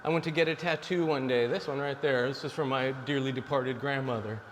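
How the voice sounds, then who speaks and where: A man's voice: mid-range voice, fairly even intonation, a little fast, long reverb tail, slight background noise. A man in his forties giving blunt dating advice to male viewers in a casual, preachy monologue. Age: 40s. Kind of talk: casual direct-to-camera monologue.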